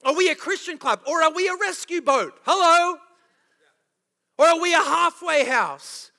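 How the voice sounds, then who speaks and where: A man's voice: extremely high pitch, moderate pace, creaky, sharp tone. A man preaching a sermon as pastor, passionate and full of rhetorical questions, with a touch of sarcasm. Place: church auditorium. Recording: long reverb of a large hall.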